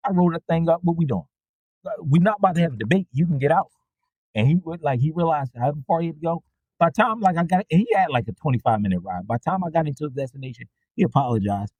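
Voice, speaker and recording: Casual podcast host, man, husky, animated, slightly high pitch, dry mic. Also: quick pace, no echo. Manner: animated, profane, voice jumps high when reenacting reactions. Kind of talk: casual storytelling monologue.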